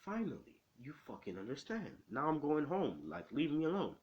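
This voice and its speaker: Brash teenage boy hero, foul-mouthed, dismissive, slightly low voice, as a man quotes him. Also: fairly quick, breathy edge, highs cut off. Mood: annoyed. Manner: rude, dismissive, swearing. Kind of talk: casual retelling with quoted voices.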